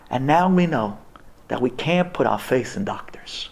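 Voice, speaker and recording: Speaking before a live audience, a man tells an emotional personal story with real passion, his mid-range voice animated, moderately paced and touched with vocal fry. He stammers and restarts, and his speech is sprinkled with religious Hebrew and Yiddish terms.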